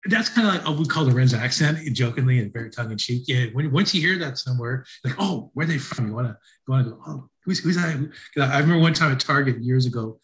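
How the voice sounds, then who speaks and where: A man, a podcast guest, telling stories in a relaxed, chuckling way during a casual conversation. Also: mid-range voice, fast talker, few pauses.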